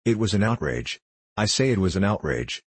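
A man reading the lines of an excitable, loud, quick-tempered young man in a novel, blustering and repeating himself. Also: lowish voice, husky, no room sound. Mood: excited.

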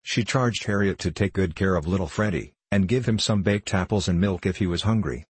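A man narrating an audiobook in a steady, measured storytelling manner. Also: low voice, breathy edge, dry recording.

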